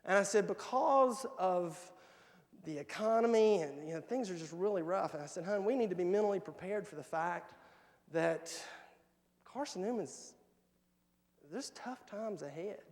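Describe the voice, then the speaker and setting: Speaking at normal speed in a high, animated voice, a pastor's words ring with long reverb through the church sanctuary. His sermon tells stories from his own family life, including quotes from his kids.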